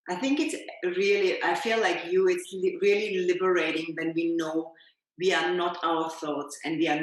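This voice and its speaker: Echoey, gentle woman yoga teacher. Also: deep voice. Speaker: yoga and meditation teacher, guest. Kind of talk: reflective conversational chat. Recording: very echoey room.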